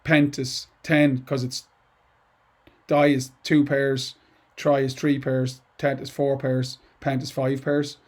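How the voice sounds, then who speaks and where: A middle-aged English teacher gives students an informal poetry lesson, chatty and digressive, full of asides and restarts. His medium-pitched voice stays level and slightly dark, moving at a slow pace.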